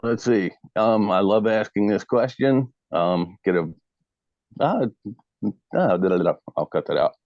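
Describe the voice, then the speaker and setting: A man's voice: lowish voice, animated, a little slow, a little mellow, no echo, muffled recording. A man interviewing a guest, asking questions hesitantly with lots of fillers. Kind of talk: casual interview.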